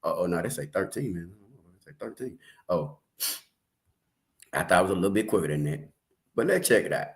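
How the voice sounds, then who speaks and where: Man, livestream host, loose slangy chat, animated pitch. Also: brisk, gravelly, long pauses. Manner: loose slangy banter, calls viewers baby and shawty. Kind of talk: casual reaction livestream chat.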